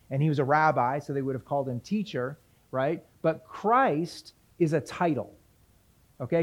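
Male pastor teaching scripture, higher-pitched voice, casual questions to the congregation. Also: darkish tone. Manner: conversational teaching with questions to the audience; reads scripture aloud. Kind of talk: sermon, Bible teaching.

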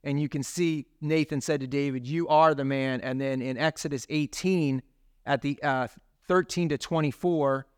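Male pastor, fairly high, smooth clear voice, dry close sound, chatty sermon delivery. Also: steady tone, normal speed, no room sound. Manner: conversational, with tag questions and asides.

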